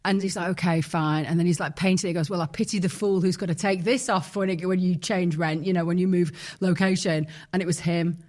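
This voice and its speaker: A woman talking as a podcast guest, chatty and candid, often quoting people in quick asides. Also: on the low side, fairly even intonation, darkish tone. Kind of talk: casual chat.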